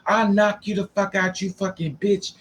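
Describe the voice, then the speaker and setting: A man's voice: fairly even intonation, normal speed, lightly acted. A man voicing a furious young woman who hurls curses and threats in a story he is telling. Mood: enraged. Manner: shrill, cursing, threatening.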